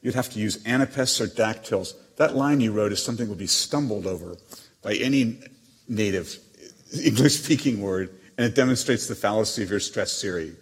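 An actor reading letters as a proud, witty émigré novelist, with a haughty, dryly teasing manner. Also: male voice, lowish voice, fairly quick, husky. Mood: lecturing. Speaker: letter reader. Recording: long hall reverb.

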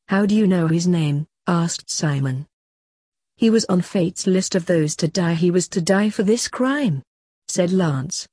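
A woman's voice: fairly low pitch, darkish tone, husky, dry recording, clean studio sound. A woman reading a fantasy story aloud, voicing every part plainly in her own voice. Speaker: narrator. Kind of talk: storybook reading with character dialogue.

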